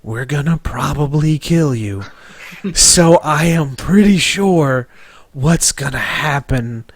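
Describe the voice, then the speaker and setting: A man's voice: a little high, animated, takes it slowly, no echo, heavily acted. A man voicing a nervous, dim-witted, illiterate male errand runner in a tabletop game, rambling and stammering through restarts. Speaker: game master.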